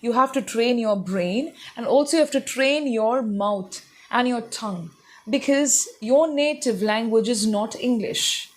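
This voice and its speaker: A young adult woman giving an online English pronunciation lesson, patiently explaining and repeating each word slowly to model it. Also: on the high side.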